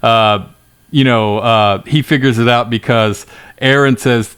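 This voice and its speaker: A man's voice: mid-range voice, steady tone, measured pace, fairly bright tone, clean tone. A man co-hosting a film podcast, talking casually and rambling with fillers and self-corrections.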